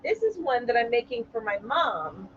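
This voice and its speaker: A woman's voice: a little high, sing-song, moderate pace, dull audio, slight background noise. A woman hosting a casual live chat stream, greeting viewers by name and laughing often as she talks. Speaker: livestream host.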